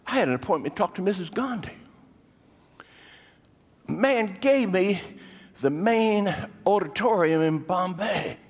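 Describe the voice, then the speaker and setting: An older male pastor preaching a sermon, telling stories dramatically and swinging between hushed and raised delivery. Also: high voice, expressive, measured pace, long pauses. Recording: long hall reverb.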